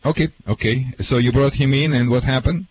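A man's voice: medium pitch, steady tone, fairly quick, husky. Joking dog-trainer man. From Russia. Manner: joking, chatty, broken grammar. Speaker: dog trainer guest expert. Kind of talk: radio call-in advice. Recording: dull lo-fi audio with faint hiss.

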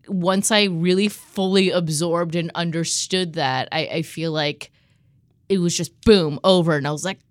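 A woman's voice: on the low side, steady tone, measured pace, no echo, clean studio sound. A woman co-hosting a podcast in casual chat, telling stories animatedly and swearing freely. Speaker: podcast co-host.

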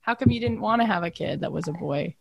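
A woman's voice: fast talker, creaky. A woman in her thirties chatting casually as co-host, telling stories and acting out quotes in a raised voice. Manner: animated storyteller who acts out quotes in a higher voice. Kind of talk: casual chat.

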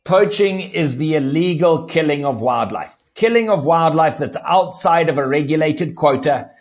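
A man speaking as a conservationist guest in an interview, explaining at length and repeating words as he starts sentences. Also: fairly high pitch. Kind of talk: podcast interview.

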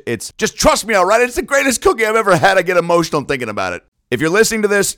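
A man reading a sponsor ad on his podcast in a playful, over-the-top way, jumping between hushed lines and excited outbursts. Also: mid-range voice, no echo, studio quality. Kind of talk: host-read ad, playful and exaggerated.

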